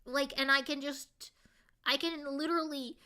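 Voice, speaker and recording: A woman's voice: sits high, steady tone, normal speed, sharp tone. A woman streamer in casual live chat, reading her viewers' comments aloud and answering them earnestly, saying "like" a lot. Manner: earnest, heartfelt.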